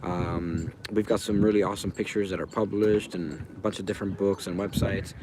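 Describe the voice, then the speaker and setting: A man's voice: sits low, fairly even intonation, a little fast, background noise. A man hosting a livestream outdoors, rambling casually and answering viewers in chat by name. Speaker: livestream host. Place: outdoors by a fire.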